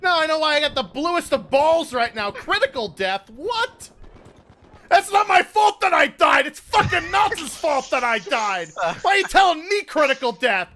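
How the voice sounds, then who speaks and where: Raging streamer man, profane, high-pitched and bright, cracking into yells; headset live commentary. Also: very animated, moderate pace, few pauses. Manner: raging, profane, yelling at teammates and the game. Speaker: gaming streamer. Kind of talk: angry live gameplay commentary.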